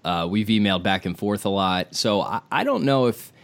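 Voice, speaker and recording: Man, podcast host, slightly low voice, rambling animated storytelling. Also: normal speed, vocal fry. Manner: rambling, animated retelling with quoted dialogue. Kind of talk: casual podcast chat, storytelling.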